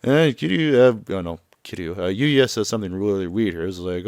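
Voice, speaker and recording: A man's voice: sits low, fairly quick, hardly any pauses, no room sound. A young man casually recapping a video game, chatty and laughing, loosely acting out the characters' lines.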